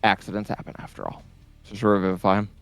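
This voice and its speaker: A man's voice: on the low side, little pitch movement, quick pace, creaky, fairly bright tone, clean tone, faint music behind. A man playing in a tabletop game, casual and wry. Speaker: player.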